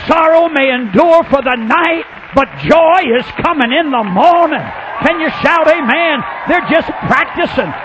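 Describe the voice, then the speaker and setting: A man preaching a revival sermon, swinging from loud hollering to hushed asides. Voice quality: high-pitched, hollering. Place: revival tent or church with congregation. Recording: dull lo-fi recording with faint background noise.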